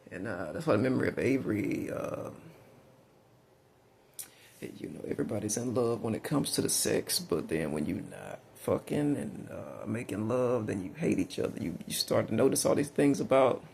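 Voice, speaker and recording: A middle-aged man with a Southern US drawl and a heavily gravelly voice that rises and falls in a lively way. He rambles frankly and profanely, with many fillers and restarts. A faint background hiss sits behind him. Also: fairly low pitch, moderate pace. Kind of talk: rambling personal monologue.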